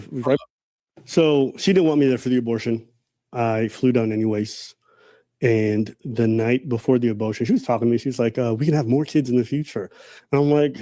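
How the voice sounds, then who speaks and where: A man's voice: medium pitch, warm tone, no echo. A man telling a personal story with an earnest, strained delivery. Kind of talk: personal account.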